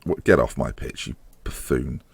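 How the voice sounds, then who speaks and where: At a normal pace and in a gravelly, husky voice, a man commentates live and excitedly on his football management game. He groans and swears at the match, climbing in pitch as chances near, with no room sound in this let's-play.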